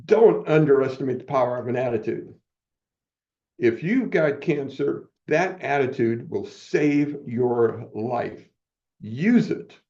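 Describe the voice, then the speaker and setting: A man's voice: mid-range voice, mellow, lo-fi sound. A man in his seventies telling personal stories as a podcast guest, motivational and acting out quoted dialogue. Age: 70s. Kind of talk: personal storytelling in a podcast interview.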